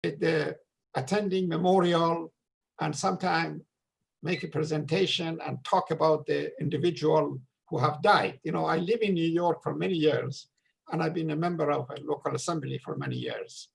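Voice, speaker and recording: Hesitant husky man giving an earnest memorial talk. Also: fairly high pitch, fairly even intonation, poor audio. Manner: hesitant, many drawn-out uh fillers. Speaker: memorial gathering speaker. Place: home room, virtual gathering. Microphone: video call microphone.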